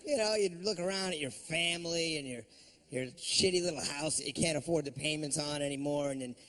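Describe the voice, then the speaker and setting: A man's voice: on the high side, brisk, bright, forceful tone. A man doing a stand-up comedy routine on a club stage, ranting in a profane, sardonic way.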